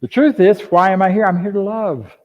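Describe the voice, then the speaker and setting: An older man preaching a conversational sermon as a minister, lively and full of rhetorical questions to his congregation. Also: sits high, brisk. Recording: dull lo-fi sound.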